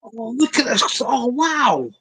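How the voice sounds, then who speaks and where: A man with a Scottish accent hosting a casual livestream chat, playful and animated with drawn-out emphasis. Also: very high voice, background noise.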